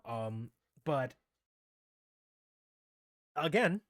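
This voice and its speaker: A man's voice: mid-range voice, drawn-out words, dry recording, studio quality. A man giving a casual, rambling anime review who gets heated and incredulous as he talks. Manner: excitable, grows heated and incredulous. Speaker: anime commentator.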